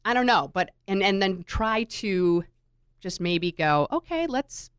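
A middle-aged mother in casual conversation, reflective and expressive, often repeating words as she thinks. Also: on the low side, slow pace, smooth, dry recording, clean studio sound. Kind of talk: casual chat.

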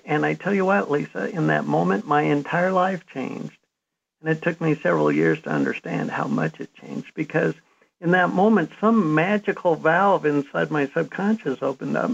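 A man's voice: on the high side, lively intonation, moderate pace, creaky. A man in his fifties, an interview guest and author, telling his story in an earnest, reflective way. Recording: dull lo-fi sound.

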